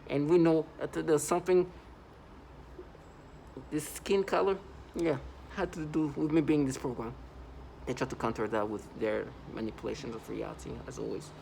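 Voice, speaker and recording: A man's voice: fairly high pitch, steady tone, moderate pace, creaky, pauses often, warm tone, slight background noise, poor audio. A man recording a first-person video monologue, talking urgently and repeating himself, with lots of "like" between his points. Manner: urgent, repetitive, heavy use of "like". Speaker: vlogger.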